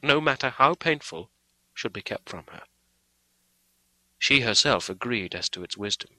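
A man narrating an audiobook in a measured, steady storytelling manner. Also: mid-range voice, vocal fry, no echo, rough recording.

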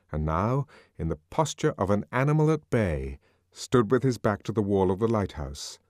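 A man narrating an audiobook with a dramatic, expressive reading. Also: lowish voice, no echo, studio quality.

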